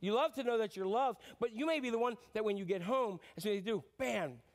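A man's voice: sits high, quick pace. A middle-aged male pastor preaching a sermon in a conversational way, repeating phrases and asking the congregation questions.

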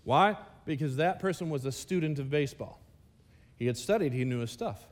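Man, pastor, high-pitched, casual preaching style with lots of direct asides to the congregation. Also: lively intonation, brisk. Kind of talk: sermon. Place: church service.

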